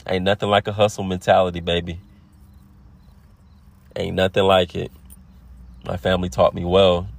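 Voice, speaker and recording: A young man with a very deep, gravelly voice, close to a dry mic. He hosts a laid-back motivational podcast, offering spiritual encouragement and repeating his phrases for emphasis. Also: fairly even intonation, moderate pace, pauses often, no echo. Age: 20s. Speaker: podcast host. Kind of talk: casual motivational monologue.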